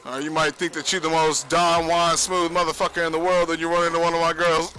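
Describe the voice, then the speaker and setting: A man's voice: fairly high pitch, little pitch movement, a little fast, sharp tone, soft background music, rough recording. A young man rambling casually on a livestream, profane and boastful, laughing often. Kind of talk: rambling casual stream monologue.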